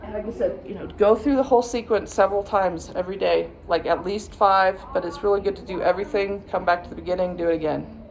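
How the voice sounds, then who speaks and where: A woman's voice: mid-range voice, fast talker, hardly any pauses, a little mellow. A woman viola teacher patiently walking students through practice steps, sometimes chanting rhythm words. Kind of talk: instructional practice walkthrough.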